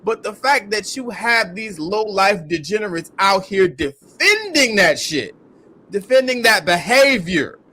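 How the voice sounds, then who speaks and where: A man's voice: high-pitched, big pitch swings, unhurried, pushed and bright. A man hosting a podcast, ranting in heated, profane, incredulous commentary. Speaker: podcast host.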